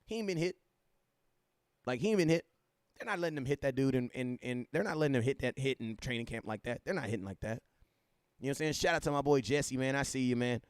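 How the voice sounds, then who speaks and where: Animated man hosting a sports livestream. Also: mid-range voice, fast, smooth, no echo, studio quality. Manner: animated, repetitive, gives shout-outs to viewers. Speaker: livestream host. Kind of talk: casual sports chat.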